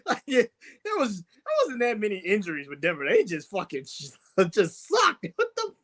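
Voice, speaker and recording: Excitable co-host laughing through sports banter. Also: medium pitch, moderate pace. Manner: laughs often, swears, excitable.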